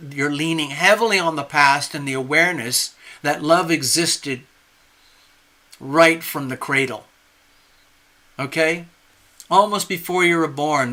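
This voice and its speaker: Bright-voiced man giving a tarot reading. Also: on the high side. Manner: earnest, reassuring, often asks "okay?". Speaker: tarot reader. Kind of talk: live-stream tarot reading.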